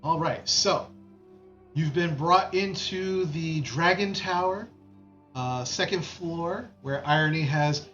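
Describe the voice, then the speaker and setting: A man with a fairly high voice narrating a tabletop game as game master, rambling and restarting his sentences. His mic sounds slightly muffled, with faint music underneath. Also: a bit bright. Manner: rambling, frequent fillers and restarts.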